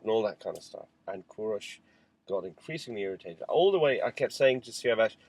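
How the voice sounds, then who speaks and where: A man's voice: fairly low pitch, animated, moderate pace, darkish tone, dry recording, low-quality recording. A father talking frankly to camera in a spoken diary, rambling through a family story with asides. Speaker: father recounting family life. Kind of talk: candid spoken diary monologue.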